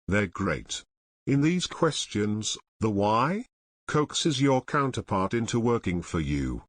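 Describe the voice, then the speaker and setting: A man narrating an audiobook summary in a measured, even reading style. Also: on the low side, dry recording. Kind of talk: scripted narration.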